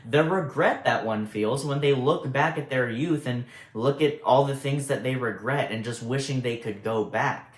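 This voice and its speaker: A man's voice: mid-range voice, a bit bright, echoey room. A young man giving a casual, heartfelt album review on his channel, talking earnestly and getting emotional about the music. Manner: earnest, emotional, chatty with fillers.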